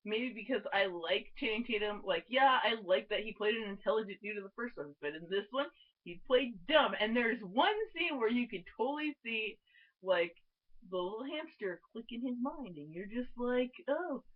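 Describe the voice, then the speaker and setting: A woman's voice: on the high side, expressive, normal speed. A young woman reviewing a movie in a casual vlog, bubbly and giggly, full of filler words. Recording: dull lo-fi webcam audio.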